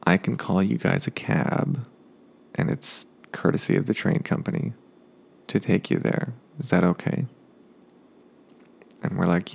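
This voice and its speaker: Low, gravelly man telling a story. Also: expressive, a little slow, pauses often. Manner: rambling, with digressive asides and dark jokes. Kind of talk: casual spoken anecdote.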